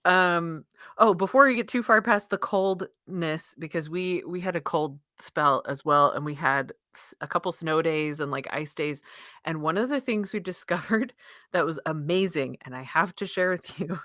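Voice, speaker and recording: A woman in her thirties with a low voice, chatting on a podcast and telling stories with plenty of laughter. The recording is dry and close, with no room sound. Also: moderate pace, pushed and bright, dry recording. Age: 30s. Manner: chatty storyteller, laughs often. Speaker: podcast co-host. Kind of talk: casual chat.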